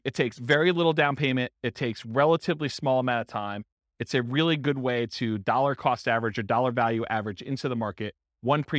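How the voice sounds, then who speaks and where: A man's voice: mid-range voice, fairly bright tone, no room sound, studio quality. A man teaching a live class on real estate investing, answering a question conversationally and asking himself rhetorical questions. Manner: fast, conversational, thinks aloud with rhetorical questions.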